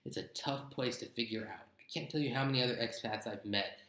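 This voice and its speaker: A man's voice: mid-range voice, fast, a bit bright, roomy sound, rough recording. A young man giving blunt, chatty travel advice in a casual vlog. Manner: chatty, blunt, gives tips with mock examples. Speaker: travel vlogger.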